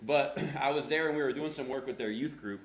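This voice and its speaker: A man's voice: medium pitch, fairly quick. A man preaching a conversational sermon, telling stories with self-deprecating humor and acting out his own past words. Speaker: pastor. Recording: roomy echo with faint background hum.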